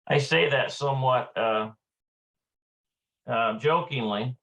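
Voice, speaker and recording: A man teaching a live online language lesson, slow and halting, with many filler sounds. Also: on the high side, sharp tone. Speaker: Hebrew teacher.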